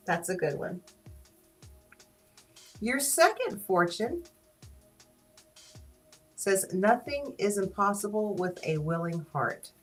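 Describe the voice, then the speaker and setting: A woman with a Southern US accent hosting a casual live stream, playful and teasing, quick to laugh. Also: mid-range voice, expressive, faint music behind, rough recording. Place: small studio.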